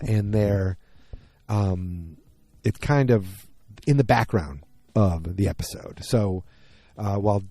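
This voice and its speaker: Male solo podcast host with a low, mellow voice. Chatty and rambling, unsure of the details, recorded dry. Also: no echo. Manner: rambling, unsure, often second-guessing himself. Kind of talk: casual solo episode recap. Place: outdoors.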